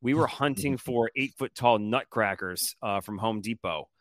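A man's voice: lowish voice, moderate pace, a bit bright, no room sound, studio quality. A man in his thirties co-hosting a podcast, chatting casually in an upbeat, joking way with many "um"s. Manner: upbeat, jokey, hesitant fillers. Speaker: podcast co-host. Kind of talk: casual chat.

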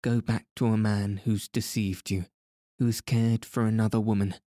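A man voicing a proud, bitterly upset young woman in an audiobook, reading her lines slowly and low-key. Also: little pitch movement, dark tone, no echo, clean studio sound, lightly acted.

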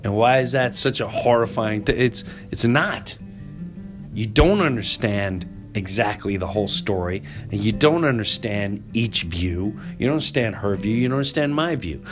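A man hosting a podcast, telling a personal story in an earnest, animated way and slipping into voices for the people in it. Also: mid-range voice. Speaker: podcast host.

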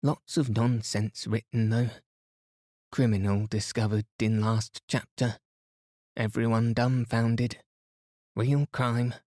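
A man voicing a brisk, blunt middle-aged Englishwoman who talks in clipped phrases. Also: mid-range voice, flat delivery, darkish tone, no room sound, studio quality.

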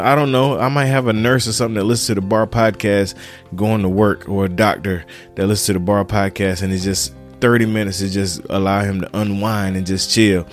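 Fired-up man preaching podcasting. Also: lowish voice. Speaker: podcast host. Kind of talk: casual motivational podcast monologue.

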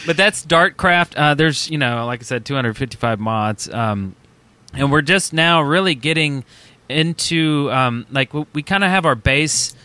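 An excitable male podcast co-host with a bright, forward voice, a little higher than most men. He talks in stops and starts full of fillers, and the sound is dry and close. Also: unhurried, clear, resonant tone, dry recording. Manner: excitable, hesitant with many fillers. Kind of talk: casual podcast chat.

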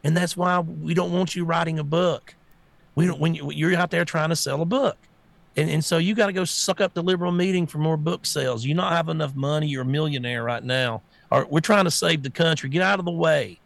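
A man co-hosting a political talk show, hoarse from being sick, ranting bluntly and cursing freely. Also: a little high, fairly even intonation, a little fast, dry recording. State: hoarse, recovering from illness. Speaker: co-host.

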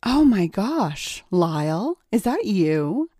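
A woman's voice: mid-range voice, sing-song, slow, warm tone, no room sound, clean studio sound. A woman reading the part of a friendly, sociable male financier in an erotic audiobook. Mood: surprised.

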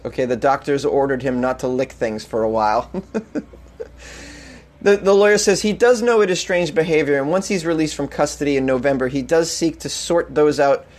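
A man's voice: on the high side, normal speed, darkish tone. A man hosting a comedic news podcast, reading odd stories aloud and mocking them with sarcastic asides and frequent laughs. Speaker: podcast host.

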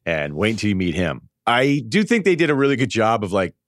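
A man chatting as a podcast guest, telling animated stories and acting out quoted lines. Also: fairly low pitch, brisk, dry recording, clean studio sound. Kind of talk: casual sports podcast chat.

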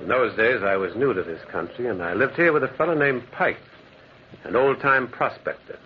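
In an old, muffled 1940s radio drama, a man voices a lonely loner who once prospected in the mountains, narrating in a brooding mood. His mid-range voice sounds natural and animated at a moderate pace, with a little hiss or hum.

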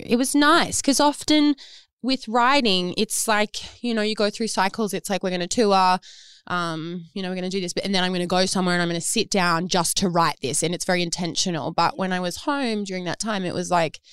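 A woman's voice: mid-range voice, brisk, a bit bright, clear, resonant tone, no echo, studio quality. Giggly young Australian woman. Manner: giggly, self-mocking. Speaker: musician guest. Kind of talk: casual interview chat. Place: studio room at a label office.

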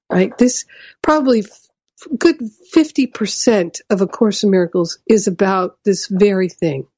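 A woman giving a measured spiritual teaching talk, explaining ideas and often checking in with "right?". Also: medium pitch, dark tone, no echo, muffled recording.

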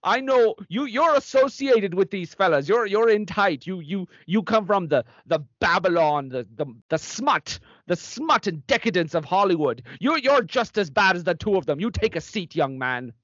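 A man's voice: high-pitched, animated, moderate pace, hardly any pauses, fairly bright tone, dry recording, pitched above the performer's own voice. A man voicing a strict, threatening older nun who scolds and bosses people around. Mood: scolding. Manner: scolding, bossy. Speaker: host. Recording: dry, dull lo-fi recording.

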